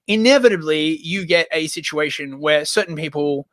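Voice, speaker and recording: A man's voice: on the high side, moderate pace, fairly bright tone, no echo. A man co-hosting a casual podcast, rambling and jokey, slipping into silly voices. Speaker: podcast co-host.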